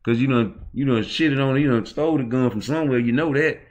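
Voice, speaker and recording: A brash, cocky young street hustler, as a man puts him on, his voice pushed well above the man's own low tone. He talks in loud, profane, boastful banter, jeering at whoever is in front of him. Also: brisk, natural voice. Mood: taunting.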